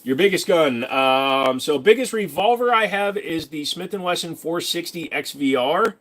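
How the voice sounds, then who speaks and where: A man's voice: a little high, expressive, moderate pace, a bit bright. A young man hosting a casual live stream, reading questions from chat aloud and answering them in a rambling, joking way.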